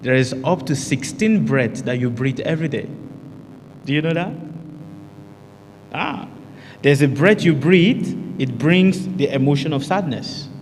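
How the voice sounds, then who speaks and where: Guy teaching meditation to a group, kinda high voice, keeps going "your what?" and answering, faint hum behind. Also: animated, a little slow, long pauses, big-room sound. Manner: asks rhetorical questions and answers them himself; emphatic, repeats key phrases. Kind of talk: spiritual teaching talk to a group.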